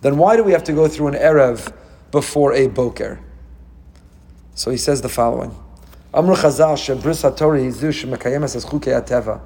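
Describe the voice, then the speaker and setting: A man giving a sermon as a rabbi, animated and full of rhetorical questions, with Hebrew terms mixed in. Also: medium pitch, a little fast, husky.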